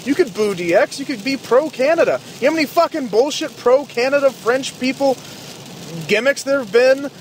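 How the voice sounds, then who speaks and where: A man with a high-pitched voice rants in fast, heated commentary, swearing freely and dripping with sarcasm. Faint noise sits behind his talk. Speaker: podcast host. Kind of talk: profane ranting commentary.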